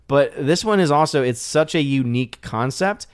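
A man's voice: a little high, animated, moderate pace, clean tone, dry recording, clean studio sound. A man hosting his channel, chatting casually and reading viewer comments on a live stream, loose and full of fillers and restarts. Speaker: channel host.

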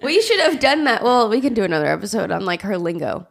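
A woman's voice: medium pitch, sing-song, fast talker, gravelly. A young woman co-hosting a casual podcast, laughing often, swearing freely and reading a listener's letter aloud. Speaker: podcast co-host.

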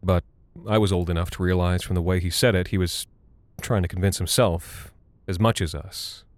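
A man giving a measured, somber first-person scripted horror narration. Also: low voice, fairly even intonation, no room sound. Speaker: narrator and voice actor.

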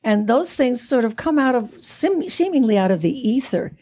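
A woman's voice: on the high side, big pitch swings, moderate pace, warm tone, slightly rough. A woman in her eighties, a guest actress chatting in an interview in a theatrical way, often laughing. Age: 80s. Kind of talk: casual interview chat.

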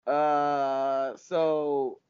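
A man's voice: a little high, level tone, extremely slow, a little mellow, clean tone, no echo. A man co-hosting a podcast in casual chat, joking, laughing and acting out scenes in voices. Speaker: podcast co-host recapping a TV episode. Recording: dull, dry sound.

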